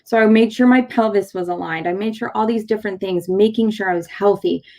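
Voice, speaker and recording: A woman in her thirties from San Diego, mid-pitched, telling a personal story on her talk show. She tells it animatedly and jumps into the voices of the people in it. Her speech rambles a little, full of "like" and restarts. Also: a little fast. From San Diego, California. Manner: animated, acts out quoted dialogue; rambling with many fillers and restarts. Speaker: chiropractor and show host. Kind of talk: casual interview storytelling.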